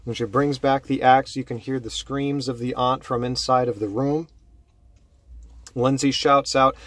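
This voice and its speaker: A man telling a horror story slowly and dramatically, dropping low and hushed to build tension. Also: steady tone, no echo, studio quality.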